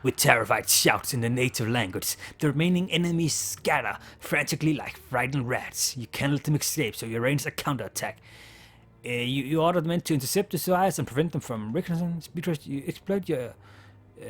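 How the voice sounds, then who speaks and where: A man's voice: mid-range voice, fast. A man, not a native English speaker, reading game text aloud and chatting casually in a let's play, with a slightly sore throat.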